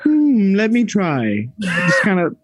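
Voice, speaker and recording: Playful guy at a tabletop game, bouncy husky voice, dry sound. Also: sits high, wildly swooping pitch, measured pace, no echo. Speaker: player. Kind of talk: casual tabletop game play.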